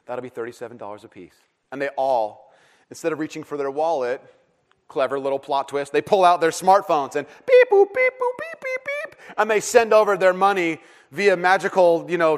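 A middle-aged man preaching a sermon in a casual, joking and animated way, with plenty of fillers and restarts. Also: a little high. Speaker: pastor.

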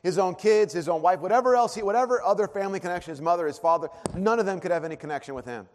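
A man preaching a sermon, earnest, dropping to a hush and then rising to emphatic peaks. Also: sits high, rapid-fire, slight background noise. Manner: earnest, swings from hushed to emphatic. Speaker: pastor. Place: church auditorium. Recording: long hall reverb.

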